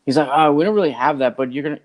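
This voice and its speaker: A man who is a podcast guest, telling a long story in a rambling, animated way and acting out what other people said. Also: a little high, racing. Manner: rambling and animated, acts out others' lines, many "like" fillers. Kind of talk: casual storytelling.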